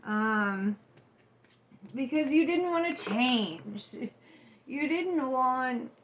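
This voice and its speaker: A woman's voice: high voice, lively intonation, drawn-out words, a little hiss or hum. A woman giving a casual tarot reading, candid and loose, swearing and laughing often. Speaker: tarot reader.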